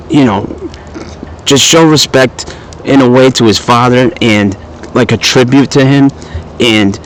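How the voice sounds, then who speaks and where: A man ranting through a movie review in a loose, casual way, swearing often and acting out what people said. His pitch sits in the middle. Faint noise runs under the voice. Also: poor audio. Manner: animated storytelling, swears casually, acts out quotes.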